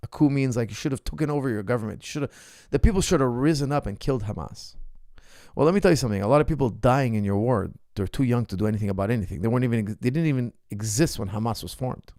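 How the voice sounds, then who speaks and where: A man's voice: medium pitch, fast talker, warm tone, no room sound, clean studio sound. A man hosting his own ask-me-anything show, arguing his point with passion and firing rhetorical questions at his viewers. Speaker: martial arts coach and show host. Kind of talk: ask-me-anything livestream monologue.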